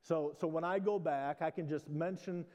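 A man's voice: on the high side, fairly even intonation, moderate pace, a little mellow, long reverb tail. A man from the American Midwest preaching a sermon to his church, talking conversationally with frequent restarts and asides. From Midwestern United States. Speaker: pastor.

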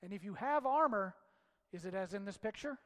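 A man preaches with a high voice and fiery conviction, rising to shouts and dropping to near-hushed lines. His words ring out with a long hall reverb around them. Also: expressive, brisk. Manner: impassioned, swings from loud shouts to hushed low lines. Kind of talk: sermon.

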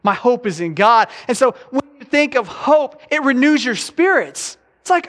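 High-voiced pastor in a reverberant church. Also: male voice, big pitch swings, normal speed, hardly any pauses, fairly bright tone. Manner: conversational, joking asides to the congregation. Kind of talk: sermon. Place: church sanctuary.

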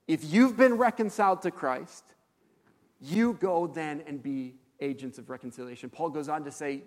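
Casting note: man, pastor delivering a sermon, somewhat high voice, long reverb of a hall. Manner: animated storytelling preacher with fillers.

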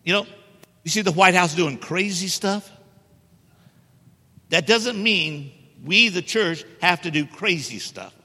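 A man's voice: sits high, lively intonation, slow pace, long pauses, bright, forceful tone, husky. A middle-aged man preaching a sermon in a church, emphatic and joking with the congregation. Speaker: guest preacher. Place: church sanctuary. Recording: echoey church hall reverb.

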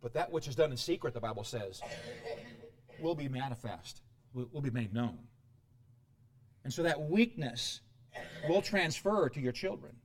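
A middle-aged man preaching a sermon, animated, with sudden loud outbursts and quiet asides. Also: medium pitch, moderate pace, long pauses. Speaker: pastor.

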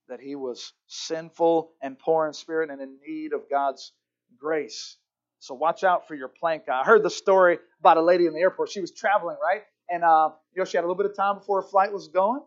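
A middle-aged man preaching a sermon, telling stories with lively acted-out voices. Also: high-pitched, lo-fi sound. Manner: storytelling, animated, acts out characters. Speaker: pastor.

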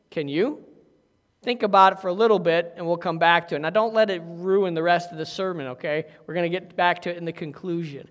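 High-voiced pastor in an echoey hall. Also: male voice, fairly even intonation, brisk, a bit bright. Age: middle-aged. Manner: folksy, chatty, many ums and okays. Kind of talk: sermon. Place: church sanctuary.

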